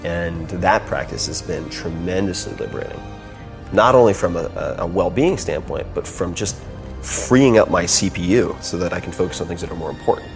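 A man hosting a podcast, chatting casually and animatedly, swinging between loud and soft and acting out quotes. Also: sits low, normal speed, music in the background. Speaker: podcast host. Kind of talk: casual chat.

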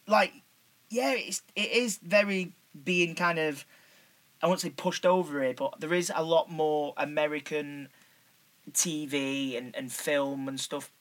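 A man's voice: on the high side, fairly even intonation, unhurried, fairly bright tone. A man from northern England chatting casually, rambling with lots of fillers and swearing. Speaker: actor. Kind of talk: casual chat.

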